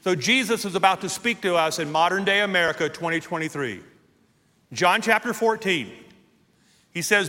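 A middle-aged man preaches a sermon in a high, bright, forceful voice. He leans hard on key words, drawing them out and climbing to shouts. The sound rings with the long reverb of a large church hall. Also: expressive. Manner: emphatic preaching, drawn-out stressed words, rising to shouts. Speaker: pastor.

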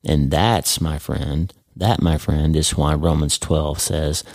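A man's voice: a bass voice, steady tone, slow, a little mellow, dry recording, clean studio sound. A man hosting a podcast, giving an earnest devotional teaching and speaking to the listener as a friend. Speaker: podcast host.

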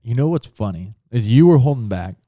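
Man with a lively, mellow voice. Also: mid-range voice, fairly quick, no room sound. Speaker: podcast co-host. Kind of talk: casual faith chat.

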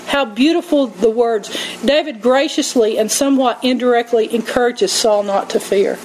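A woman preaching a sermon, telling stories in an animated way and acting out quotes. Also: fairly high pitch, normal speed, a little hiss or hum, low-quality recording. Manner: animated storytelling, acts out quotes, laughs often.

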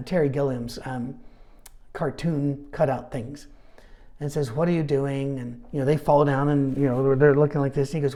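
Middle-aged man, Bible study teacher, mellow warm tone, chatty storytelling. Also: a little high. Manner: animated storytelling with asides.

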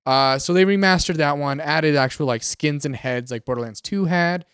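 A man, co-hosting a casual gaming podcast and retelling events in an animated way. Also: fairly high pitch, moderate pace, clean tone, no echo, studio quality. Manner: animated storyteller, acts out quotes. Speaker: podcast co-host.

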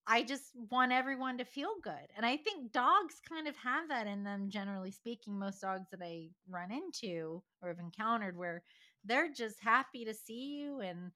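A woman's voice: on the high side, moderate pace, pushed and bright. A woman co-hosting a podcast in casual chat, talking loosely and laughing often as she wanders between thoughts. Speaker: podcast co-host.

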